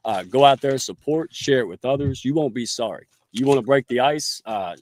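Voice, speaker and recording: A man's voice: mid-range voice, animated, a little fast, a little mellow. A man hosting a podcast interview, folksy and enthusiastic, using homespun words. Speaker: podcast host.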